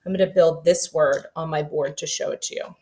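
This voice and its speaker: A woman teaching a kindergarten reading lesson, slowly sounding out letters and words for young children. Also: low-pitched, fairly even intonation, warm tone.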